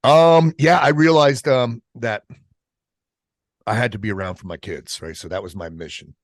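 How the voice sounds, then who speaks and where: A middle-aged man, a military veteran guest on a podcast, telling a personal story in a casual, profane way, halting and restarting as he goes. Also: mid-range voice, dry recording, clean studio sound. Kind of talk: candid storytelling in an interview.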